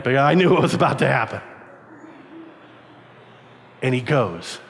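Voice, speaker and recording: A man telling a lively childhood story to a youth camp, often jumping into high squeaky voices to play the kids he quotes. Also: moderate pace, a little hiss or hum. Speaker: camp speaker. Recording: reverberant hall.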